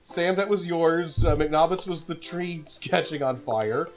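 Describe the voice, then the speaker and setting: A man hosting a casual group chat while they play a game, relaxed and quick to laugh. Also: on the high side, faint music behind. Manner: laid-back, laughs often.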